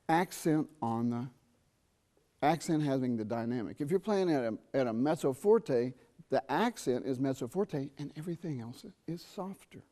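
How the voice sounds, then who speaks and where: A middle-aged man with a warm, somewhat high voice leads a jazz trumpet masterclass from a university theatre stage. He keeps it conversational, quizzing his audience and singing out rhythms.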